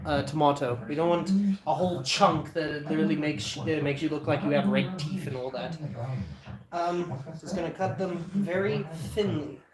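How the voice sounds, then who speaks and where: Chatty man in an echoey kitchen. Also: a little high. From South Africa. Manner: rambling and chatty, talks back to viewers' comments. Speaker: cooking streamer answering chat. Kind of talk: casual cooking livestream chat. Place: home kitchen.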